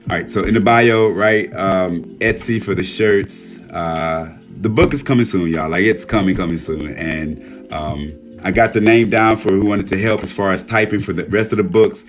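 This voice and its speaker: A hoarse man hosting a casual livestream, reading out viewer names and speaking earnestly, with frequent swearing. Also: sits low, moderate pace, soft background music. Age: adult, a military veteran. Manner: warm shout-outs reading viewer names. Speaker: livestream host.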